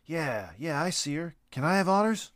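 A man's voice: on the high side, lively intonation, normal speed, a bit bright, dry recording, studio quality, voice pushed up. A man doing a brash teenage brother. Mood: eager. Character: eager, hotheaded teenage older brother.

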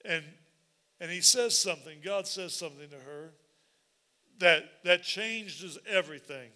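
A man preaching a sermon as pastor, animated and repetitive, building up to shouts. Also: sits high, measured pace.

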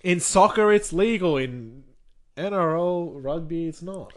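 A young Australian man co-hosting a podcast, animated and quick to laugh in casual chat. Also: on the high side. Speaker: podcast co-host.

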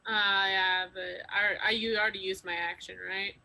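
A woman's voice: medium pitch, steady tone, moderate pace, pushed and bright, rough recording. A woman playing a tabletop game, hesitant and full of fillers as she asks about rules. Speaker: player.

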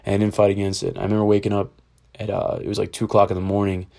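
A man's voice: lowish voice, level tone, very fast, vocal fry, a little mellow. A young man from Ohio telling a personal story in a rambling, candid, casual way, swearing freely. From Ohio, USA.

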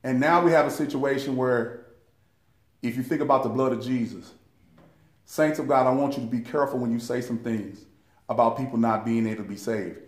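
A man's voice: mid-range voice, fairly quick, roomy sound. A man teaching a Bible study in an impassioned preaching style, calling his listeners saints. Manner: impassioned, addresses listeners as saints, rises in fervor.

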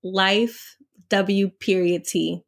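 A woman's voice: mid-range voice, fairly even intonation, extremely slow, vocal fry. A woman guest on a podcast, speaking thoughtfully and hesitantly, often checking that she makes sense. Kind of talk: casual interview chat.

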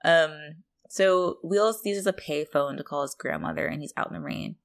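A woman's voice: deep voice, big pitch swings, normal speed, gravelly. A woman co-hosting a podcast, chatting casually about an episode, playfully acting out the characters' lines and laughing often. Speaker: podcast co-host. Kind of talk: casual chat recapping a TV episode.

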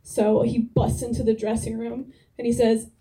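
A young woman from New Jersey doing a stand-up set with a deadpan delivery and a drawling "like". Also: a little high, moderate pace, recorded from a distance, low-quality recording. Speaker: stand-up comedian. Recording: live club crowd laughter.

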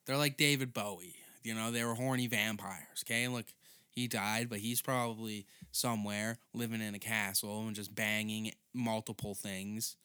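A man's voice: lowish voice, fairly even intonation, moderate pace, pushed and bright, smooth, no room sound, clean studio sound. A young man doing a rambling, profane comedic monologue as a podcast host.

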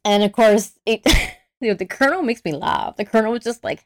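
Animated woman recapping a film, swearing. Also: mid-range voice, fairly quick, no room sound, studio quality. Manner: animated, acts out characters' lines, swears freely. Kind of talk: casual chat, retelling a film plot.

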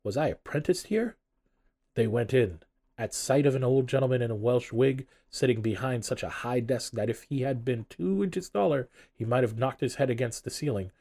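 Mellow-voiced male storyteller. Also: medium pitch, normal speed. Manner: expressive storytelling. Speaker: narrator. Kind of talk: audiobook narration.

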